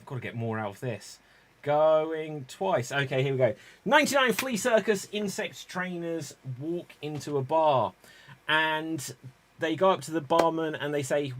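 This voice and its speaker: A man's voice: on the high side, a bit bright. A man hosting an improv pun game, telling jokes and calling on players by name. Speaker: improv host.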